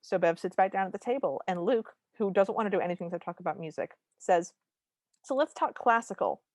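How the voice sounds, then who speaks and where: A woman co-hosting a podcast, chatting casually as she recaps a movie and briefly acts out characters' lines with animated energy. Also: on the low side, fast, no room sound. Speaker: podcast co-host.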